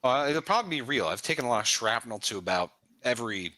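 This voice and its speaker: A man takes his turn in a tabletop game, thinking out loud in a playful, rambling way. His voice is bright and forward. The recording is dry and close, with no room sound. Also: medium pitch, lively intonation, fast, no echo. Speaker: player.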